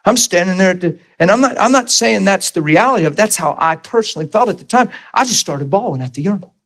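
A man's voice: high voice, quick pace. A middle-aged man preaching a sermon, telling a personal story and acting out the voices in it. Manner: animated storyteller, acts out voices, laughs.

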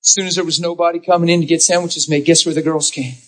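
A man's voice: fairly high pitch, fairly even intonation, fast. A man preaching a sermon, telling stories in an emphatic, direct way. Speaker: pastor.

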